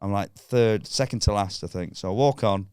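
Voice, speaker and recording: A man telling a comedy anecdote on a podcast, animated and sweary, acting out voices. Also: fairly low pitch, moderate pace, clear, resonant tone, no echo, studio quality. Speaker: stand-up comedian guest. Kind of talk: casual podcast storytelling.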